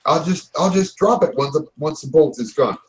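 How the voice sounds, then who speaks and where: A man voicing a reckless, excitable male pilot who talks with carefree bravado. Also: fairly high pitch, moderate pace, pitched above the performer's own voice, close to an everyday voice. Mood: eager. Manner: loud, drawling, carefree bravado.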